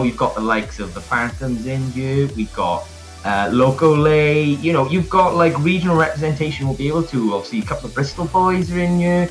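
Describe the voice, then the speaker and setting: A man's voice: fairly high pitch, a bit bright. A man with a Welsh accent casting an online fighting game tournament from home, chatting playfully and hyping up the viewers. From South Wales. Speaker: tournament caster. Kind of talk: casual live stream commentary. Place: home, indoors.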